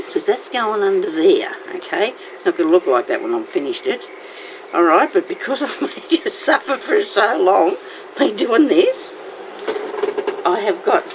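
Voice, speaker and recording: A woman hosting a casual crafting tutorial, chatting to her viewers and talking to herself as she works. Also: lowish voice. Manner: chatty, talks to herself while working. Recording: noisy home recording.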